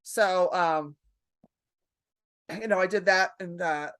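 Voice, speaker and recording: A woman comedian, a podcast guest, telling stories in a lively, profane way and acting out her own panic. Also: lowish voice, slow pace, smooth, no echo, studio quality. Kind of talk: casual podcast storytelling.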